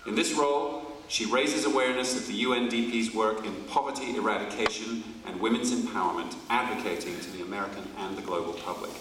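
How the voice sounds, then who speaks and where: A man with a fairly low voice reads a formal introduction of the next speaker. His delivery is measured. The sound reaches the mic from far off and echoes through a long, reverberant hall. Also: fairly bright tone, a little hiss or hum. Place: large auditorium.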